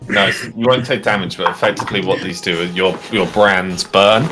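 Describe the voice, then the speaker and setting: Deep-voiced man running a tabletop game. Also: steady tone, background noise. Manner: halting, with many fillers and restarts. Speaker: game master.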